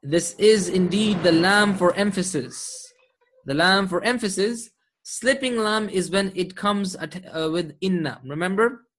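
Male language teacher, somewhat high voice, patient, slow drawn-out explanations for a class. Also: a bit bright. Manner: patient, quizzing students with frequent "okay?" and "hmm?". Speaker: Arabic teacher. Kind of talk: classroom grammar lesson.

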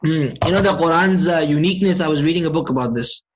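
A man teaching an online Arabic grammar class, often asking his students questions and reciting verses quickly. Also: a little high, rough recording. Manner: engages students with frequent questions.

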